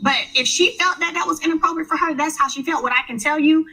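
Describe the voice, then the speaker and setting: A woman's voice: high voice, fast, sharp tone, soft background music, rough recording. A woman arguing back defensively and emphatically on a television reunion stage. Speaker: reality show cast member. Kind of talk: heated reunion argument.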